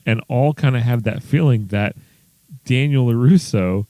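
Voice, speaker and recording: A man with a Kentucky accent chats on a podcast, eager and a bit rambling, and acts out the lines he quotes. His pitch sits in the middle range, and the sound is close and dry. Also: a little slow, warm tone, no room sound. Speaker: podcast co-host. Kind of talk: casual podcast banter.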